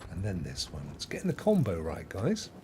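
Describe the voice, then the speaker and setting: Chatty gamer guy, low gravelly voice, rambling commentary over loud noisy game audio. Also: wildly swooping pitch, a little fast. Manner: rambling, chatty, laughs often. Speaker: streamer. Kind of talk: casual gameplay commentary.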